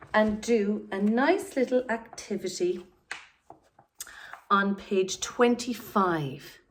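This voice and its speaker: Irish female teacher, unhurried, sounds out letters slowly for small children. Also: mid-range voice. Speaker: primary school teacher. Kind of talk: remote phonics lesson for young children.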